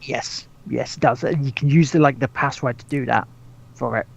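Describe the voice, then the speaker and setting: Gravelly man rambling on a podcast. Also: medium pitch, normal speed, highs cut off. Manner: rambling, full of restarts and swearing, laughs often. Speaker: podcast host. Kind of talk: casual chat.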